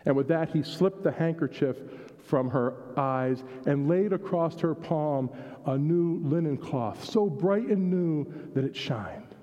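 A pastor reads a story to his congregation in a measured, unhurried way, his voice mid-pitched and mellow. A long reverb from the hall trails after each phrase. The recording sounds dull and muffled. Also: lively intonation. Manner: measured storytelling with small repeats. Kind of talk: reading a story aloud in a worship service.

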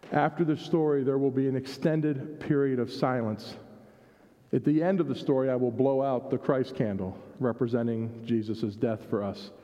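Pastor reading a story in an echoing hall. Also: male voice, mid-range voice, mellow. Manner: measured storytelling with small repeats. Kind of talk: reading a story aloud in a worship service. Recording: dull sound in a reverberant hall.

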